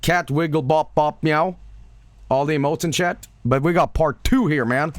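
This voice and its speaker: A man's voice: a little high, moderate pace, noisy background. A man streaming live and chatting casually with viewers, joking, swearing and sarcastic, with music playing behind him.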